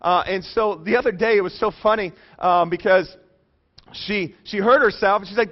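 A man's voice: sits high, moderate pace, muffled recording. A man in his thirties preaching a sermon in a conversational, joking way, often checking in with his listeners. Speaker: pastor.

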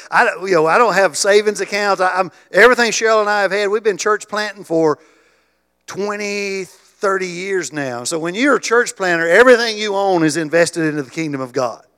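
Emphatic preaching pastor, slightly high voice. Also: male voice, fairly quick, clear, resonant tone. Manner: repeats words and restarts, builds to loud emphatic stretches. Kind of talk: sermon. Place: church.

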